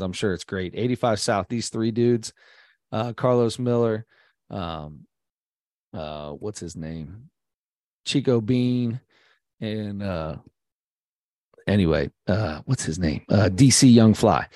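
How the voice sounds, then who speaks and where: A man co-hosting a podcast, talking in an excitable, rambling way with plenty of fillers. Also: lowish voice, no room sound, clean studio sound. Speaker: podcast co-host. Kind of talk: casual chat.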